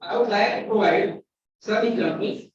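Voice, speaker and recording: A man's voice: high-pitched, normal speed, slight background noise. A man with an Indian English accent teaching a pronunciation lesson, spelling out words letter by letter and repeating each one. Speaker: university lecturer. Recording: dull echoey room from far off.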